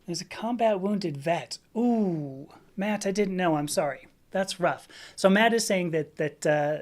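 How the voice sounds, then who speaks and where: A woman's voice: fairly low pitch, measured pace, darkish tone. A woman from Southern California with a Valley accent, live streaming and chatting casually as she reads out viewer comments, candid and full of fillers and restarts.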